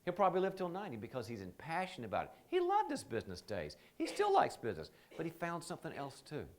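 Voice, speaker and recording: A man's voice: a little high, wildly swooping pitch, fast talker. A man teaching a live training seminar in a conversational, joking way, often slipping into quoted voices.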